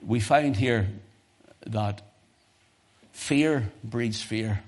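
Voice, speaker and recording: A man with a British accent preaching a sermon, moving from quiet low musing to loud, high-pitched exhortation. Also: measured pace, pauses often.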